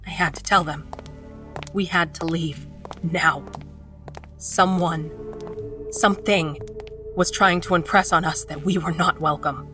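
Casting: woman narrator, lower register, steady tense horror read over soft music. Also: distant mic. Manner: measured, tense storytelling. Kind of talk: scripted first-person narration.

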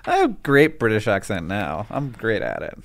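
A man co-hosting a podcast in casual chat, playful and excitable, often jumping high in pitch. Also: normal speed. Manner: excitable, swings from high to low; playful, joking. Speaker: podcast co-host.

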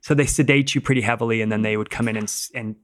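A man's voice: mid-range voice, fairly even intonation, rapid-fire. A middle-aged man, a podcast guest, telling a casual story in a rambling way, acting out what people said and using many "like"s.

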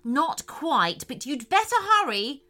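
A woman reading a children's story, voicing a kind but stern female scientist who talks briskly and confidently. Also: high-pitched, huge pitch swings, sharp tone, exaggerated voice. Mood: reassuring.

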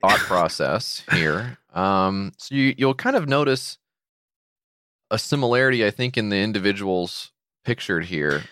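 Low-voiced man with lively sarcastic delivery. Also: a little slow, no echo, clean studio sound. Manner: sarcastic asides and wry commentary. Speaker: podcast co-host. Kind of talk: casual comedic banter.

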